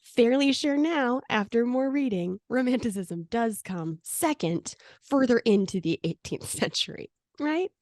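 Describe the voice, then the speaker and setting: A woman's voice: a little high, expressive, a little slow, few pauses, a little mellow, dry recording, clean studio sound. A woman co-hosting a podcast. She tells stories in a chatty way and laughs often. She studied English. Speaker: podcast co-host. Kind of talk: casual podcast chat.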